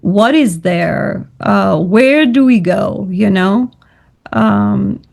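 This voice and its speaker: A woman's voice: medium pitch, very slow, gravelly, darkish tone. A woman teaching a language lesson over a video call, patient and encouraging, switching between languages. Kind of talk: online tutoring lesson.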